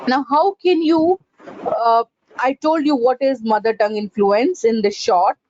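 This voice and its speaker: A woman with a high voice runs a pronunciation class. She explains patiently and peppers her points with "uh, you know" and "right?". The recording sounds dull and lo-fi. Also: unhurried, a little mellow, dry recording. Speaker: pronunciation trainer. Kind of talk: online training session.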